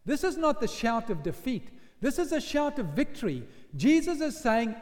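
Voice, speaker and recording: A man preaching a sermon as vivid storytelling, dropping to hushed lines and then rising to loud shouted quotes. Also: extremely high pitch, big pitch swings, normal speed, hardly any pauses. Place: church hall. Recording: long reverb of a church hall.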